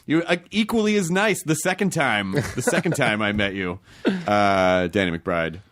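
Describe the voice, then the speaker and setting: A man hosting a comedy podcast, joking in quick banter with his guests and wrapping up the episode. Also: lowish voice, lively intonation, fairly bright tone. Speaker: podcast host. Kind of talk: casual comedy podcast chat.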